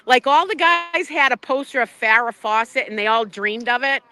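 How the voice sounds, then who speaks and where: An older woman chatting casually on a live stream from outside a courthouse, animated and quick to laugh. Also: fairly high pitch, smooth, rough recording. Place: outdoors outside a courthouse, crowd nearby.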